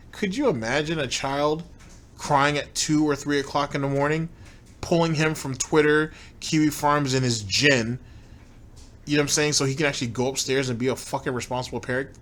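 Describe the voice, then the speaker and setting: A man's voice: a little high, fairly bright tone. A man hosting a commentary show who mocks the clips he plays with sarcastic, laughing remarks. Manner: sneering, laughs at his target. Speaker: commentary host.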